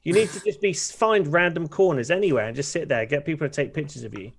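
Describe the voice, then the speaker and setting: A man's voice: fairly high pitch, fast, gravelly, slightly rough. Chatty man co-hosting a podcast. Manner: chatty, laughs along. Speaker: podcast co-host. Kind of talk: casual chat.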